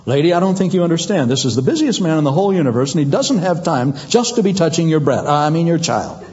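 A man playing an officious apostle who brushes off a mother with fast, fussy, self-important talk. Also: a little high, animated, darkish tone, lo-fi sound, natural voice.

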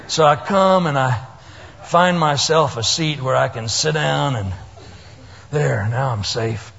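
A man's voice: a little high, a little slow, gravelly, a bit bright. A man preaching a sermon, telling the story with humor and acting out the people in it. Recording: dull lo-fi hall recording.

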